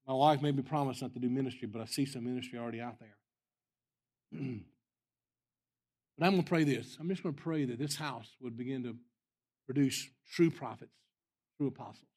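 A man preaching as a guest speaker, telling stories in an earnest way with some soft asides. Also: mid-range voice, brisk, long pauses. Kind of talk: storytelling sermon.

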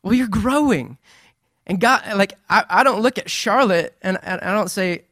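Man preaching in a lively, conversational way. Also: high-pitched, moderate pace, no echo, studio quality. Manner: conversational, animated preaching with playful asides. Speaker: pastor. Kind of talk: sermon.

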